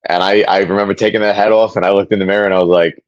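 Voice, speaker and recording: Deep-voiced enthusiastic collector guest. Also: male voice, level tone, racing, muffled recording. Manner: enthusiastic, peppers speech with "man". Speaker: guest, physical media collector. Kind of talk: casual interview chat.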